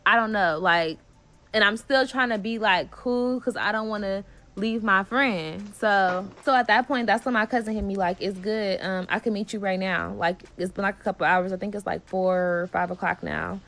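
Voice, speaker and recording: A woman's voice: medium pitch, moderate pace. A woman with a Bay Area accent telling a story in a casual vlog, swearing freely and acting out what people said. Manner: animated, swearing, slangy, acts out quotes.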